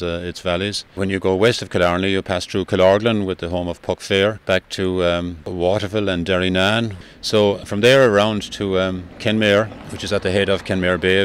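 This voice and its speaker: A man with a Kerry Irish accent, a walking tour guide explaining things in an unhurried way with fillers in a radio travel interview. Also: low-pitched, smooth. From Ireland.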